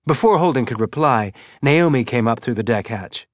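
A man narrating an audiobook in a steady, measured storytelling manner, lightly voicing the characters. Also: medium pitch, dry recording, clean studio sound. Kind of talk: scripted narration.

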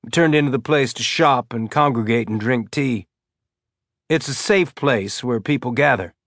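A man's voice: medium pitch, moderate pace, fairly bright tone, no echo, studio quality, natural voice. A man voicing a talkative male ship's pilot who explains things at length. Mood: musing.

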